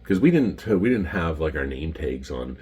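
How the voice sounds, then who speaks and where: A middle-aged Canadian man with a Canadian accent, telling casual stories about his flying days and pausing often with ums and restarts. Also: very deep voice, sing-song, warm tone, breathy edge. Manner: rambling, many ums and restarts. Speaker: retired pilot showing his patches. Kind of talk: casual storytelling to camera.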